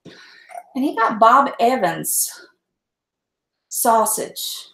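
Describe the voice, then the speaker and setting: A high-voiced, middle-aged woman with a drawl, talking casually and saltily as she hosts a livestream from her kitchen. She laughs often and swears freely. The sound bounces around an echoey room. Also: big pitch swings, very slow, a bit bright. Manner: chatty, salty, laughs often. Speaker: host. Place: home kitchen.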